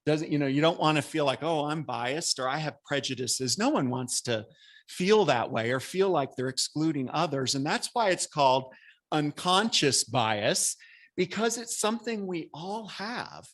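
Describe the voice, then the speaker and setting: A man giving a spiritual talk to a congregation at a spiritual center, speaking in a conversational, earnest way with a voice that carries and lively acted-out asides. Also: fairly high pitch, moderate pace. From American. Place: church hall.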